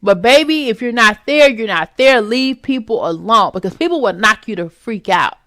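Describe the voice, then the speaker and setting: A woman hosts her own vlog and delivers a chatty, emphatic commentary, calling the listener "baby". Her voice sits a little high. The sound is dry, with no room echo. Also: lively intonation, normal speed, fairly bright tone. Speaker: vlog host giving opinions. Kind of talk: casual commentary.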